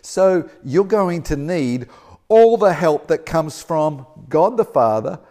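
Male preacher, lively storytelling delivery, expressive pitch. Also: slow. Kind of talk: storytelling sermon.

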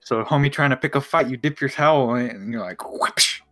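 A man's voice: mid-range voice, fairly quick, a bit bright, dry recording. A man co-hosting a podcast in casual chat, joking with dry, teasing banter. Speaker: podcast co-host.

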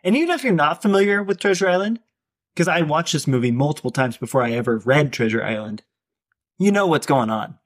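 Slightly high-voiced man musing on a film. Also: lively intonation. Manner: thinks aloud with restarts, slow and deliberate. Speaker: podcast co-host. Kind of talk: casual film discussion.

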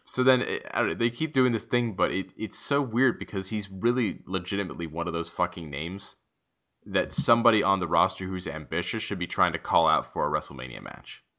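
A man co-hosting a casual podcast chat, swearing freely and acting out quotes in an animated way. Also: deep voice, brisk. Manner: animated, swears freely, acts out wrestlers' lines. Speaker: podcast co-host.

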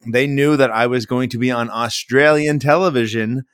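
A podcast host rambles through a casual anecdote, packing it with "like" fillers and imitating other people in quotes. His voice is medium-pitched and steady at a moderate pace, fairly bright and clean. The studio-quality recording has no room sound.

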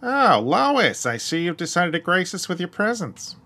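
A man's voice: sits high, big pitch swings, moderate pace, sharp tone, voice pushed up, exaggerated voice. Man doing a goofy cartoon dad. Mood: mock-gracious. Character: loud dim cartoon dad, middle-aged man.

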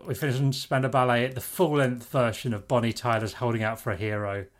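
A man in casual chat, patient and gently teasing. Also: mid-range voice, fairly even intonation, a little fast.

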